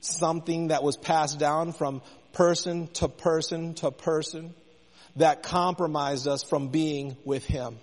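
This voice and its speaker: A man's voice: on the high side, fairly even intonation, slow pace, big-room sound. A man preaching a sermon, impassioned, his intensity rising and falling as he speaks.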